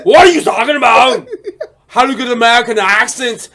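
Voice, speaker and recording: A man putting on a comic impression of a brawling male action star, shouting. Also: extremely high pitch, fairly quick, voice pushed up, full character voice.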